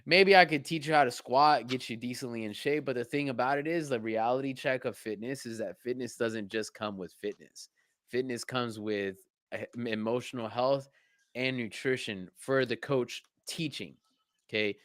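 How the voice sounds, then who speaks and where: Young man, mid-pitched, dry close sound, candid and halting, self-mocking. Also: a bit bright, no echo. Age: young adult. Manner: candid, self-deprecating, halting with many restarts and fillers. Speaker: podcast co-host. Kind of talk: casual podcast chat.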